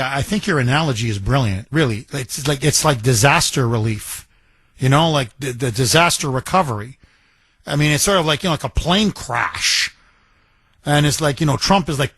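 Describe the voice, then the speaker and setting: A man's voice: on the high side, lively intonation, moderate pace, fairly bright tone, husky, no room sound. A man hosting a call-in talk radio show, chatty and folksy, often cutting in on callers.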